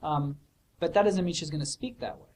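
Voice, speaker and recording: In a rough office hour recording, a man with a slightly high, somewhat mellow voice speaks fairly quickly. He answers student questions in a casual academic manner, thoughtful and hesitant, full of fillers and restarts.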